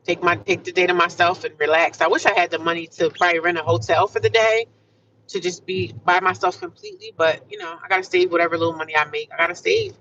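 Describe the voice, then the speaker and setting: A woman's voice: fairly low pitch, lively intonation, fast talker, a bit bright, far from the mic, muffled recording, a little hiss or hum. A middle-aged woman chatting casually while driving, upbeat and full of affirmations, calling her viewers "honey" and "child.". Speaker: vlogger livestreaming from her car. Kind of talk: casual chat.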